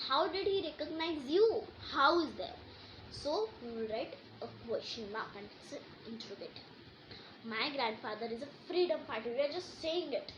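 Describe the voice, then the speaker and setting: A woman's voice: high voice, muffled recording, background noise. A woman teaching a grammar lesson, explaining and reading example sentences aloud with emphasis.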